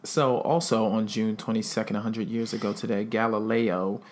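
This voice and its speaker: A man's voice: on the low side, fairly even intonation, normal speed, darkish tone, a little hiss or hum. A man co-hosting a casual podcast, talking loosely with swearing and laughter. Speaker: podcast co-host. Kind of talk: casual chat.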